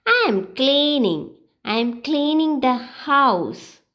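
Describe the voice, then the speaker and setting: Reading beginner-level example sentences, a female English teacher keeps her pace slow and her words clear. Her voice is high and lively, with a sing-song lilt.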